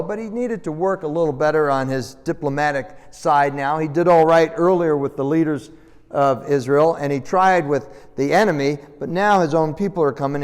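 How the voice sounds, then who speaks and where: A man preaching a sermon as pastor, telling the story with animated, acted-out voices. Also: fairly high pitch. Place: church sanctuary. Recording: long church reverb.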